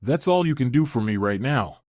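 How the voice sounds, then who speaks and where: A betrayed young woman, as a man reads her, firm and cold in every word. Her pitch moves a lot, and the sound is dry and close. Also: expressive, moderate pace, darkish tone, no echo, close to an everyday voice.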